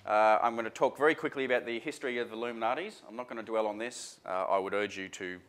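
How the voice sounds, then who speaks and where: A man's voice: on the low side, fairly bright tone. A man presenting a workshop seminar to a live audience in a chatty, informal way, full of fillers and restarts. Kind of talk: casual workshop talk.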